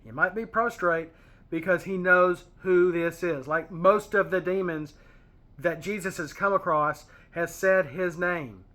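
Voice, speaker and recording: A man leads a casual Bible study, reading verses aloud and wandering off into chatty asides and pop-culture references. His voice sits a little high for a man. The tone is bright and forceful. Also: a little slow.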